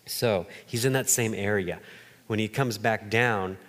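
A man preaching a conversational sermon from a church stage, with animated delivery, quick jumps in pitch, and casual asides. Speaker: pastor. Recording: long hall reverb.

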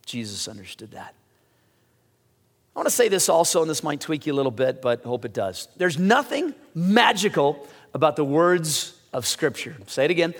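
Excited preaching man, voice going hoarse. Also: on the high side, big-room sound. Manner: preaching with sudden excited rises and quiet drops. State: losing his voice. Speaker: pastor. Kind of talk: sermon.

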